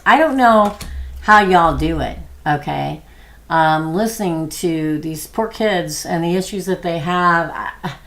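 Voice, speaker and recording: A woman's voice: sits low, vocal fry. A middle-aged woman giving a live tarot reading, chatty and thinking aloud with many ums as she answers viewer questions. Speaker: tarot reader.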